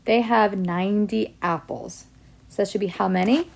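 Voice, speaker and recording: Spanish teacher lady going over questions for her class, bit of a gravelly voice, explains each one step by step. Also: medium pitch, steady tone, normal speed. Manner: explains step by step, mixing English and Spanish examples. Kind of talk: classroom lesson video.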